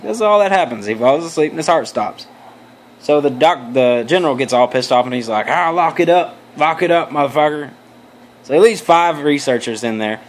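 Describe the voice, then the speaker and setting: A young adult man vlogging, telling a story in a loose, rambling way with crude, profane jokes and asides. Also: on the high side. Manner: loose, meandering, many restarts.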